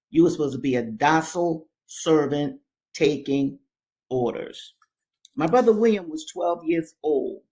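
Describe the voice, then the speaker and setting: A woman's voice: deep voice, darkish tone. A woman reading a slave narrative aloud with her own commentary, speaking emphatically and directly to her listeners. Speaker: reader and commentator.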